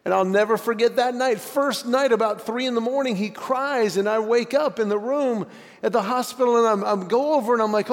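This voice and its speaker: High-voiced comedian man in reverberant hall. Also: brisk. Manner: animated, acts out dialogue with voice shifts. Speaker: guest speaker, stand-up comedian. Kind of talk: stand-up storytelling. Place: church auditorium.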